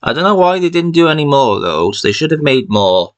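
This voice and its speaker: Showing his film collection to camera, a man hosts a casual vlog, rambling and voicing strong opinions. He speaks fairly quickly in a higher voice with big pitch swings and a clear, resonant tone.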